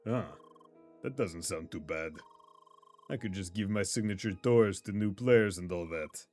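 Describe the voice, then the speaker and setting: A man voicing a weary, homesick young gamer, reading game dialogue in a low, subdued way. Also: unhurried, darkish tone, faint music behind. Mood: glum.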